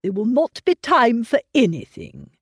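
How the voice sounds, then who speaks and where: A woman voicing a fretful elderly gentleman who fusses and sighs over his family, read from a classic novel. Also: on the high side, wildly swooping pitch, a little slow, slightly rough, no room sound, studio quality, exaggerated voice. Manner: plaintive, sighing, fussing over family. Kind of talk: audiobook reading of a classic novel.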